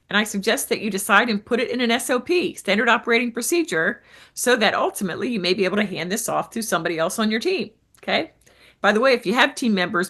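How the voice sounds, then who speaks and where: A business coach and show host talks to camera, coaching business owners on sales. Her mid-range voice is bright and forceful, her delivery upbeat and emphatic, and she often checks in with "right?".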